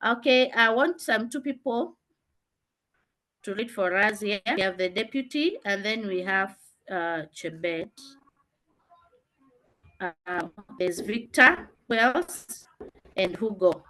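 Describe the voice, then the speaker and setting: A female teacher leads a classroom revision lesson, stressing key phrases, repeating herself and often pausing on "uh". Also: mid-range voice, expressive, sharp tone. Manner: emphatic, repeats key phrases with frequent "uh" fillers. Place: classroom with students.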